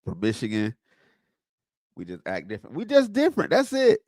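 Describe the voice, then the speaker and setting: On a livestream, a man from Southwest Florida, USA, chats casually, telling stories and answering viewers' comments as an animated storyteller who reacts to chat. His voice is medium-pitched and moderately paced, with clean studio sound and no echo.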